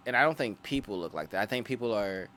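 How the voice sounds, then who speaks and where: A man co-hosting a podcast, talking through his views in a measured way with many restarts. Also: fairly low pitch, lively intonation, fairly bright tone, slight background noise. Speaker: podcast co-host. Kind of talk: casual podcast chat.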